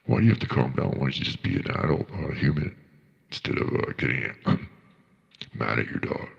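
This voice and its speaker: A man's voice: rumbling low, big pitch swings, brisk, creaky, breathy edge, big-room sound, lo-fi sound. A man doing casual livestream reaction commentary, ranting in a profane, indignant way.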